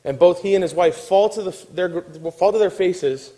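A man preaching a sermon, telling a Bible story with lively, animated delivery and acting out the characters' voices. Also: high-pitched, moderate pace, rough recording. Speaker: pastor.

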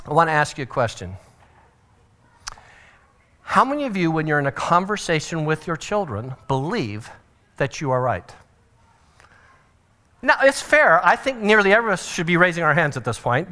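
A middle-aged man preaching a sermon as pastor, telling stories with animated acted-out quotes. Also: fairly high pitch, moderate pace.

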